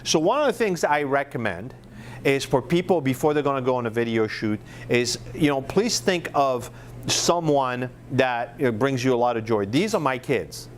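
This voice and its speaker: A man's voice: mid-range voice, lively intonation, normal speed, a little hiss or hum. A middle-aged man from France with a French accent, teaching a marketing workshop in a casual, chatty way with lots of fillers and restarts.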